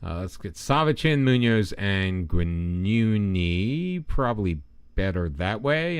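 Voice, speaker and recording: A man's voice: lowish voice, very animated, slow pace, clean tone, no room sound. A man hosting a gaming channel, giving rambling, self-deprecating commentary as he plays and talks to himself. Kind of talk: casual gameplay commentary.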